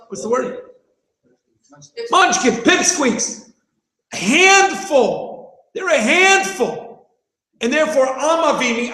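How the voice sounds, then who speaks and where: A man in his thirties teaches an animated class, firing off rhetorical questions, acting out scenes and raising his voice for emphasis. His voice is very high, and the low-quality recording sounds roomy.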